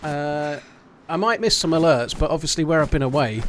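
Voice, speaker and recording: A man's voice: a little high, expressive, fairly quick, fairly bright tone, slight background noise. A man chatting casually on a live game stream at home, swearing freely and thanking his supporters. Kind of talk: casual live-stream chat while gaming.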